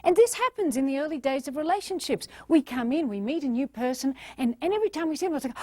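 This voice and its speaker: Lively high-voiced woman leading a seminar. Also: a little fast, dry recording, clean studio sound. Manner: playful, animated, addresses the audience directly and leads exercises. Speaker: communication and leadership trainer. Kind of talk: motivational seminar talk to a live audience.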